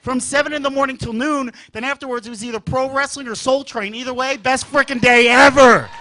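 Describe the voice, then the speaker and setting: A young man performing a stand-up comedy set on a club stage, telling his bits with lots of energy and yelling out the funny parts. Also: very high-pitched, fairly quick. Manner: animated, yelling bits and voicing his brothers and mom.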